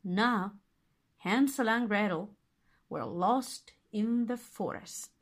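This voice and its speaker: A woman reading a fairy tale aloud as narrator, expressive and deliberate. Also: medium pitch. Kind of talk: storybook reading.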